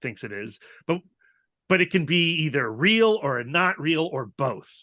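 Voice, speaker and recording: A man's voice: on the high side, sing-song, a little slow, pushed and bright, dry recording. A man co-hosting a podcast over a video call, musing in a reflective, rambling way with frequent restarts. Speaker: podcast co-host. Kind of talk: casual podcast discussion.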